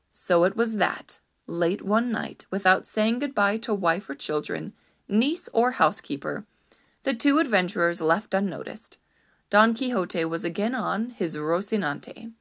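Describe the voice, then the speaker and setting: A woman narrating a storybook in an expressive, animated storytelling manner. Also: mid-range voice, a little slow.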